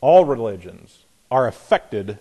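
A man preaching a sermon in a folksy, sarcastic way, acting out imagined voices in quotes and getting louder on his punchlines. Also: mid-range voice, big pitch swings, slow pace, slightly rough.

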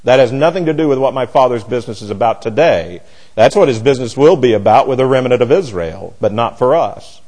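A man's voice: medium pitch, expressive, brisk, darkish tone, rough recording. A man teaching a Bible class, blunt and emphatic, often restarting his sentences.

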